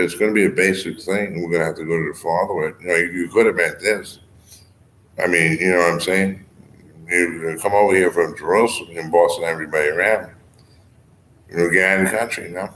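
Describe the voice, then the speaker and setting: Deep-voiced rambling man, echoey room. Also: fairly bright tone. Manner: digressive, fills speech with "you know" and "I mean", chuckles often. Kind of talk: rambling monologue. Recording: echoey room with faint ambient noise.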